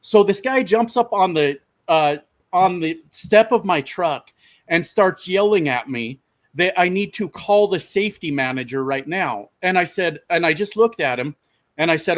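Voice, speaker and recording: A trucker vlogging to his viewers with a voice pitched a bit higher than most men. He swears freely and tells his story casually and with energy, calling his audience "my friends.". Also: moderate pace. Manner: profane, animated, addresses viewers as "my friends". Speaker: truck driver and channel host.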